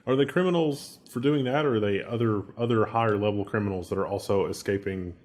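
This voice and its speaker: A man's voice: lowish voice, quick pace, a little mellow. A man co-hosting a casual tech news discussion, introducing stories with exasperated, wry asides. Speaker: co-host.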